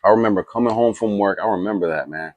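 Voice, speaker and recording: A man chatting casually to camera about movies, rambling with restarts and asides and getting excited. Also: on the low side, fast talker, no echo. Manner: animated and excitable. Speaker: movie reaction YouTuber.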